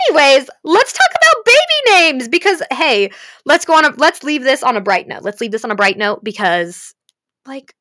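A woman's voice: on the high side, sharp tone, no echo, studio quality. A young woman talking candidly to camera in a rambling, self-deprecating way, swearing freely. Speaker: vlogger. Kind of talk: candid personal vlog.

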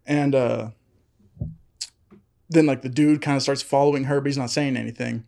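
A man's voice: medium pitch, steady tone, normal speed, vocal fry, mellow. A young man telling a long story on a casual podcast chat, full of fillers, laughing often. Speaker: podcast co-host.

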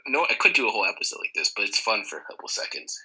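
A man's voice: on the low side, big pitch swings, rapid-fire, sharp tone, slightly rough, rough recording. A man co-hosting a comedy podcast in a laid-back, jokey way, full of casual slang. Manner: laid-back, jokey, says "dude" and "bro". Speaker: podcast co-host.

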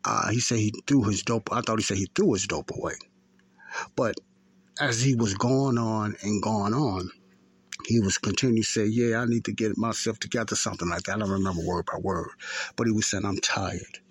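A man's voice: fairly low pitch, brisk, slightly rough, dry recording. A man, hosting a faith podcast and telling a story in a rambling, repetitive way. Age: 50s. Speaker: podcast host. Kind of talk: casual spoken testimony.

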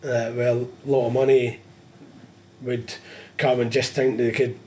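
A man's voice: medium pitch, flat delivery, a little slow, a little mellow, slight background noise. A young man in casual chat, swearing freely, laughing often and acting out phone calls. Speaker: metalwork business owner, guest.

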